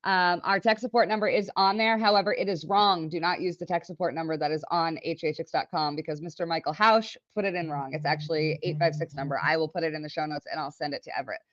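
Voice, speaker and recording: A woman guest on a podcast telling stories in a casual, animated way, laughing often and acting out the people she quotes. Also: deep voice, fast talker, few pauses, no echo. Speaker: podcast guest, business owner. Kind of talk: casual storytelling. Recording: dull lo-fi dry audio.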